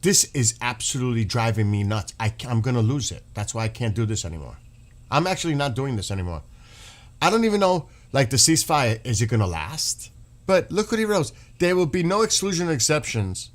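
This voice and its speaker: A man's voice: mid-range voice, big pitch swings, a little fast. A man ranting in exasperated, sarcastic political commentary, swearing as he reads posts aloud and mocks them. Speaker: streamer reacting to news.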